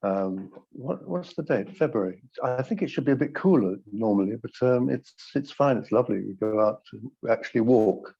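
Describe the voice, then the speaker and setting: A man's voice: mid-range voice, expressive, moderate pace, vocal fry, mellow, slightly rough, muffled recording. An older man from Britain, a guest on a call, talking in a wry, jokey, rambling way. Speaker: guest, former mime. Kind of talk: casual interview over a call. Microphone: video call.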